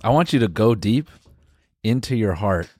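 A young man co-hosting a comedy podcast, goading his partner and tripping over quick restarts. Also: fairly low pitch, lively intonation, a little mellow, husky, no echo, studio quality. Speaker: podcast co-host. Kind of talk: casual comedic banter.

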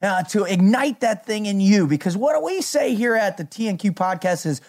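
Man hosting a podcast, hyped and motivational, high voice, swooping pitch. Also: animated, normal speed, a little mellow. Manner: hyped, motivational, laughs often. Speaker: podcast host. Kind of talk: energetic podcast chat.

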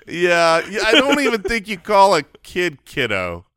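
A man co-hosting a comedy podcast in loose, joking banter. His voice sits high and swings widely as he talks. The sound is dry and close to the mic. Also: clear, resonant tone, no room sound. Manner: animated, joking, quick asides. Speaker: podcast co-host.

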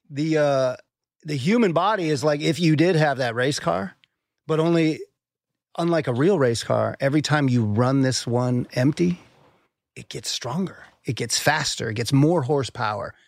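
A man talks as a guest on a podcast, reflective and earnest, with a gravelly edge to his voice. He swears now and then and stumbles into thoughts by repeating words. The sound is dry and close. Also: fairly high pitch, moderate pace, dry recording. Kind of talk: conversational podcast talk.

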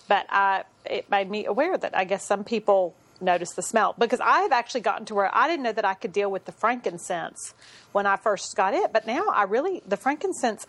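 A woman in her forties co-hosting a casual podcast, agreeable and quick to affirm, laughing easily. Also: mid-range voice, a bit bright. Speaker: podcast co-host. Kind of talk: casual chat.

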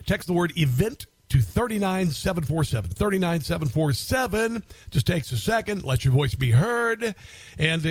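A middle-aged man hosting talk radio, voice pitched a bit high for a man. He rambles with fillers and sarcasm, recorded dry and close in a studio booth. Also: slightly rough, no echo. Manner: rambling, sarcastic, talks over the clip. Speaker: radio talk show host. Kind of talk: political talk radio commentary.

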